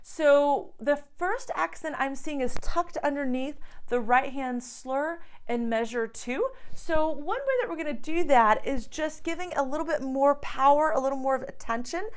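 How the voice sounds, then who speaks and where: A woman's voice: high-pitched, normal speed, hardly any pauses. A woman teaching piano, explaining step by step in an encouraging way. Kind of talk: piano tutorial. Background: piano playing.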